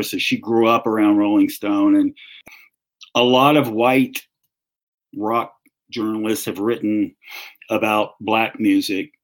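A man in his fifties from North Carolina, an author and music journalist with a Southern accent, answers an interview question. He's relaxed and storytelling, often restarting sentences, in a lowish voice with poor audio.

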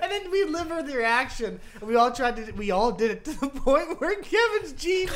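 A man's voice: very high voice, expressive, a little fast, few pauses, very noisy. A man co-hosting a podcast, casually telling a school story and laughing through it. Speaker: podcast co-host. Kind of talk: casual chat.

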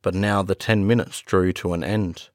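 A man reading a classic gothic story aloud as a narrator, in a slow, measured storytelling manner. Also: low-pitched, fairly even intonation, no echo, studio quality. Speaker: audiobook narrator. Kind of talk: scripted narration.

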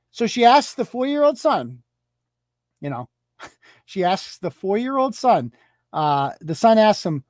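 A woman's voice: fairly high pitch, sing-song, measured pace, a little mellow, no echo. A woman hosting a live show, delivering a sarcastic, profane, mocking rant. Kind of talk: profane ranting commentary.

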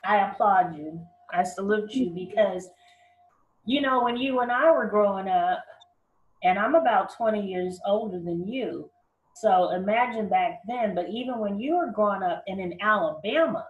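A woman's voice: mid-range voice, expressive, moderate pace, narrow, tinny audio. Encouraging woman host in a roomy space. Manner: affirming and encouraging. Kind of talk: interview. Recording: roomy echo.

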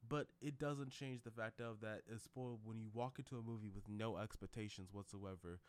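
A man's voice: lowish voice, brisk, hardly any pauses, dry recording. A man vlogging in a casual, rambling way, with lots of fillers and restarts. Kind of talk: casual commentary vlog.

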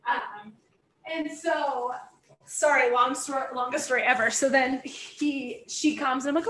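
Young woman, fairly high and bright, chatty storyteller who acts out her quotes. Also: unhurried, a little hiss or hum. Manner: animated storytelling with voiced quotes, frequent "like" and swearing. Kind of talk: casual chat.

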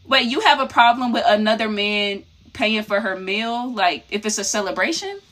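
A woman's voice: medium pitch, expressive, moderate pace, a bit bright. A young woman co-hosting a radio talk show, chatting casually and questioning a caller. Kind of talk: casual chat.

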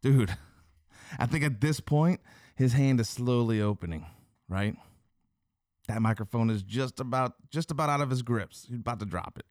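Excitable slangy man unpacking scripture. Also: medium pitch, moderate pace, pauses often, dry recording, clean studio sound. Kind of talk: casual Bible commentary.

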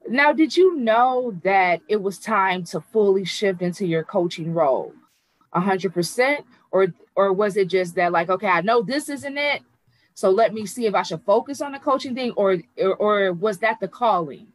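A woman hosting an interview in a relaxed, affirming manner, with questions that wander before landing. Her voice sounds dry and close, with little room echo. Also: medium pitch, moderate pace. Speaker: podcast host, interviewer. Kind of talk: casual conversational interview.

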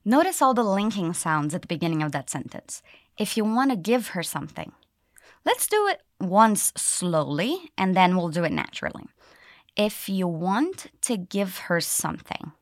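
A woman English teacher guides learners through a pronunciation drill, her pitch rising and falling in a lively way. She models each phrase with deliberate clarity so it can be echoed back. The sound is close and dry, with no room around it. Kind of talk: pronunciation lesson with repeat drills.

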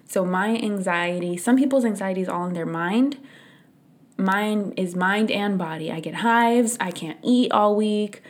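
A woman's voice: mid-range voice, unhurried. A young adult woman hosting a podcast, telling a candid story in casual chat and acting out her own thoughts. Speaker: podcast host. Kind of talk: casual solo podcast talk.

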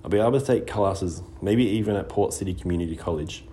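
Quiet, mumbling young brother, read by a man in a deep, mellow voice. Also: quick pace, slight background noise, natural voice. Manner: low, mumbling.

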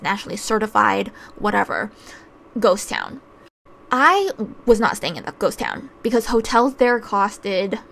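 A woman's voice: fairly high pitch, creaky. A woman telling a personal travel story in a casual, chatty way, wry and full of filler words.

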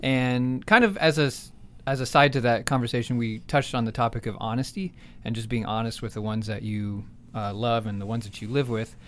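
A man's voice: medium pitch, fairly even intonation, fairly quick. A man from the United States hosting a casual podcast chat, easygoing with dry jokes and plenty of fillers. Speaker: podcast host.

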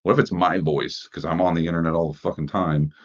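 A man's voice: deep voice, fairly even intonation, fast talker. A man hosting a podcast, giving casual news commentary in a conversational way, asking rhetorical questions and using plenty of fillers. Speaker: podcast host. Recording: dull lo-fi sound.

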